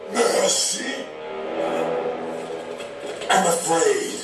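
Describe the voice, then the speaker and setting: A frigid, menacing supervillain. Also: male voice, high voice, expressive, faint music behind, exaggerated voice. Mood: cold menace. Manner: slow, cold, deliberate delivery. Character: icy, menacing male supervillain in a freezing suit. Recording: echoey film audio with loud score.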